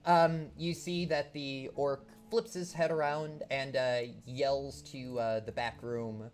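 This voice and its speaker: A man's voice: medium pitch, fairly even intonation, takes it slowly. Man game master, casual rambling narration, plain mid voice. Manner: rambling, lots of fillers.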